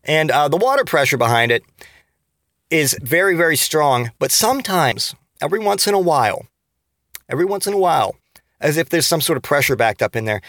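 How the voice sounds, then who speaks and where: His voice is on the high side and a bit bright, with no echo. As a podcast host he launches into a casual comedic monologue, a rambling rant packed with swearing, sarcasm, frequent restarts and trailing asides.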